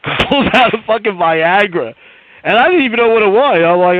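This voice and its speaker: A man's voice: sits high, brisk, narrow, tinny audio, a little hiss or hum. A man co-hosting a podcast, telling a story in casual chat, swearing often and mimicking the people in it. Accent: New York. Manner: animated, swearing, mimics a coworker. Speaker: podcast co-host.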